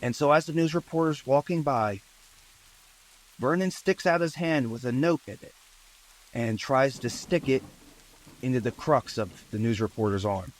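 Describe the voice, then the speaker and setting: A man narrating a true-crime story in a relaxed, conversational way, with asides and fillers. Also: mid-range voice, normal speed, pauses often, rough recording.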